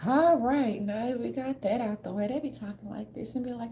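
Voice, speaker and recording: A woman's voice: on the high side, a little fast, hardly any pauses, dark tone, slight background noise. A woman from the southern United States doing casual livestream commentary, loose, chatty, blunt and profane as she talks straight to her viewers.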